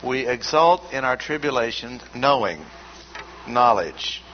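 Male Bible teacher, mid-pitched, emphatic and deliberate, dull lo-fi recording. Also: lively intonation. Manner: measured, emphatic, repeats key words. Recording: dull lo-fi recording with faint noise.

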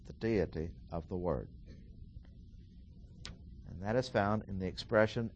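A middle-aged man teaching through a Bible passage, deliberately repeating key phrases and stressing single words. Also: sits low, darkish tone, muffled recording, slight background noise. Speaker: preacher.

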